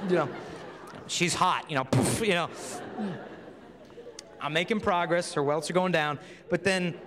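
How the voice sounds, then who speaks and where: A young adult man giving a humorous talk at a high school assembly, telling stories and acting out quoted voices. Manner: animated storytelling, acts out quoted voices. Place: large school auditorium. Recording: long hall reverb.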